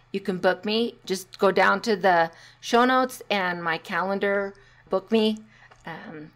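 A woman's voice: fairly low pitch, a bit bright. Woman, middle-aged, podcast host, parenting coach, casual solo talk, chatty, encouraging, sarcastic asides.

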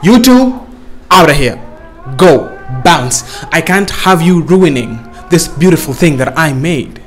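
A man's voice: fairly high pitch, expressive, measured pace, faint music behind. A man voicing the creator god as a blunt, exasperated boss speaking casually. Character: male creator god, fed up and bossy.

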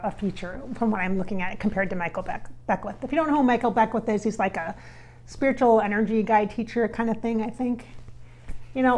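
A woman hosting her own channel as a psychic medium, chatting in a rambling, self-deprecating way. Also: medium pitch. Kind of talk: casual chat.

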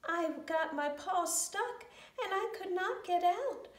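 A woman's voice: very high voice, animated, slow, reverberant, far from the mic, voice pushed up, heavily acted. A woman voicing a friendly, grateful young male bear cub in a children's story.

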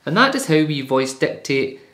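Man with a fairly high voice, guiding step by step. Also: very animated, moderate pace, bright, forceful tone. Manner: plain, instructive, walks through each step. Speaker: tutorial presenter. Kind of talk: step-by-step phone tutorial voice-over. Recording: echoey room.

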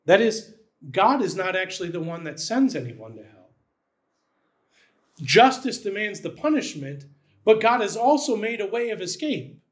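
A man's voice: high voice, big pitch swings, moderate pace. A man, the church's pastor, preaching a sermon in a conversational style, often checking in with "right?".

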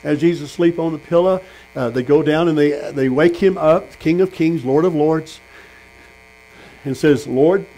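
A man's voice: a little high, normal speed, dark tone, poor audio. A man preaching a sermon at a tent meeting, telling stories and putting questions to the congregation. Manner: storytelling, asks the congregation questions.

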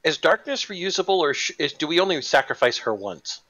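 Swearing, joking man with bright voice. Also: on the high side, big pitch swings, fairly quick, rough recording. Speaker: co-host player. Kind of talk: casual banter in a tabletop stream.

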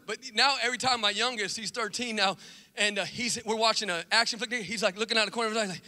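A middle-aged man preaching a lively sermon, telling stories animatedly and acting out scenes. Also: extremely high pitch, very fast. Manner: animated storytelling, acts out movie scenes. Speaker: pastor. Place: church sanctuary. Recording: long reverb of a large church hall.

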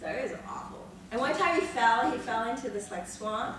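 A fairly high-voiced woman in her fifties spins lively, dramatic stories from a film set, laughing and swearing as she goes. She sits well back from the microphone in a very echoey room with steady noise behind her. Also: a little fast. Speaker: actress panel guest. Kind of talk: animated anecdotal storytelling. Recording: echoey room, mic far off, noisy.

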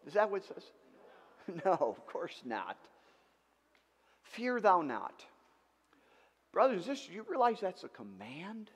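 A male pastor preaching a sermon in an animated way, with rhetorical questions and emphatic outbursts. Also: high-pitched, normal speed, breathy edge, big-room sound. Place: church sanctuary.

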